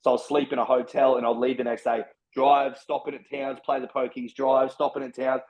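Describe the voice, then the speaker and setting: A man's voice: mid-range voice, level tone, brisk, darkish tone, rough recording. An Australian man telling his story as a podcast guest, blunt and full of slang and swearing. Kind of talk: casual storytelling.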